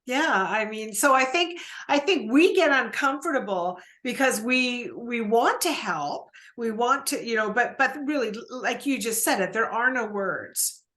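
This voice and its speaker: Bright-voiced woman host, rambling. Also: on the high side, animated, unhurried, few pauses. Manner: rambling, restarting questions. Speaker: podcast host. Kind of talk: casual interview conversation.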